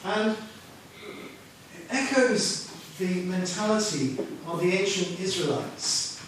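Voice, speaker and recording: A man's voice: sits high, lively intonation, takes it slowly, fairly bright tone, slight background noise. A man preaching a sermon in a conversational storytelling manner. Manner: conversational, storytelling, half-sings lyrics. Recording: echoey room from far off.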